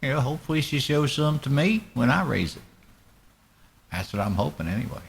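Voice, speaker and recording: A man's voice: medium pitch, sing-song, fairly quick, vocal fry, breathy edge. A man talking in a put-on Southern US accent, commentating his own online poker game in a laid-back, profane, joking way. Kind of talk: casual live game commentary.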